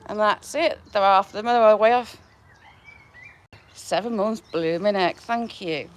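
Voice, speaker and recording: A woman's voice: medium pitch, unhurried. A woman chatting on a livestream while she feeds her chickens, affectionate and often laughing. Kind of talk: casual live chat with viewers. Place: outdoors in a chicken run. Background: chickens clucking and a rooster.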